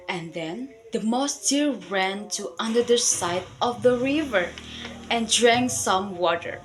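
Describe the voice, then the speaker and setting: A woman's voice: fairly high pitch, animated, slow pace, soft background music, rough recording. A teenage girl with an Indonesian accent, telling a fable in careful English for a school exam. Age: teens. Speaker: student.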